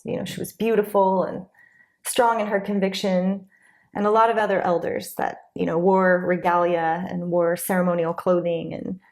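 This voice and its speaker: A woman with a slightly low voice chats as a guest in a relaxed interview. She speaks openly and from the heart, drifting through loose, rambling sentences full of small fillers. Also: moderate pace. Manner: open, heartfelt, rambling with many "you know"s. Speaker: guest, Reiki master and instructor. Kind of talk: casual interview chat.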